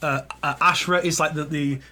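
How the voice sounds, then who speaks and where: Male podcast co-host, bright and somewhat high voice, rambling and playful, faint hiss behind. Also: fairly even intonation, fairly quick. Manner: rambling, acts out silly movie scenes in goofy voices. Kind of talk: casual gaming podcast chat.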